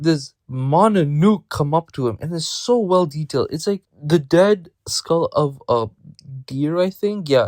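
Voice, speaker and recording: A man's voice: fairly high pitch, a little mellow, no room sound. A young man hosting a manga review channel, talking in a slangy, offhand way that keeps correcting itself. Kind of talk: casual spoken review.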